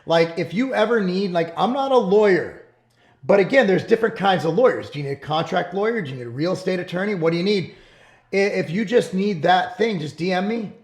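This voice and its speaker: A brash, middle-aged man hosts his own fitness channel and rambles to camera with plenty of self-promotion and restarts. His voice sits high for a man. The room around him is echoey. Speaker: fitness company owner and channel host. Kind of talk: casual commentary to camera.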